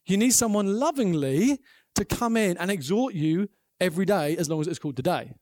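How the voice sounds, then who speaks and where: A man preaching a sermon, earnest and animated, acting out the quotes in his stories. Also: high-pitched, fairly quick, dry recording, clean studio sound.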